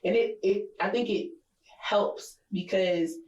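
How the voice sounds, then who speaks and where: A woman's voice: medium pitch, takes it slowly, reverberant, highs cut off. Candid, profane woman podcast co-host. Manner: candid, profane storytelling, animated laughs. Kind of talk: casual chat.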